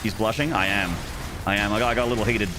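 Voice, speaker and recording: Lowish and steady, this fast-talking young man streams a game over music. He's from Australia and keeps up a rambling, joking live-stream chat with his viewers.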